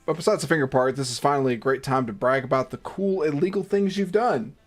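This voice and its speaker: A man's voice: medium pitch, quick pace, faint music behind. A man hosting a gaming livestream, reading game text aloud between profane, self-mocking banter and exasperated outbursts.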